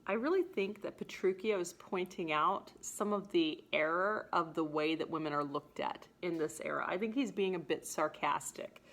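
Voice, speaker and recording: A woman teacher giving a casual lesson, chatty and animated as she paraphrases the scenes in everyday language. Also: lowish voice, moderate pace, few pauses.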